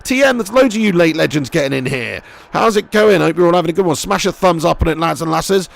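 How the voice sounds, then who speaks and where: A young man live-streaming a football game, commentating excitably, swearing freely and chatting with viewers. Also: on the high side, fast, gravelly.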